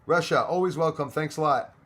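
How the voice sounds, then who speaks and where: A man's voice: fairly high pitch, fairly quick, a bit bright. A man from Canada hosting a casual livestream, chatty, thanking viewers by name and laughing often. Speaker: livestream host.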